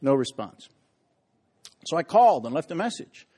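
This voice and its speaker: A man's voice: on the high side, very animated, normal speed, dark tone, breathy edge. Wry man giving a history lecture. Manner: wry, storytelling, dramatic emphasis. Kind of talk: public lecture.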